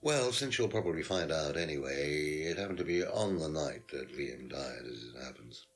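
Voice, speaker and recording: A smug, very deep-voiced lecturer. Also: male voice, animated, moderate pace, soft background music. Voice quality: pompous, dismissive. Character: smug condescending male lecturer under questioning. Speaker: suspect in a detective game. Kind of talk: FMV game acting.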